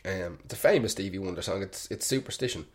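An Irish man in his young adult years hosts a radio show with a slightly low voice. He rambles casually between songs, swearing freely and joking with an irreverent edge. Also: fast talker, darkish tone.

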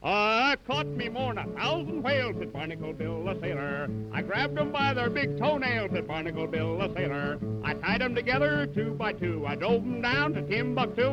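High brash sailor bragging, tinny old record w loud band behind. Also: male voice, animated, moderate pace, over loud music. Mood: boastful. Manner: brash, swaggering, sung storytelling. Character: boastful rowdy male sailor, gruff and rude. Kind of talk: comic sung ballad.

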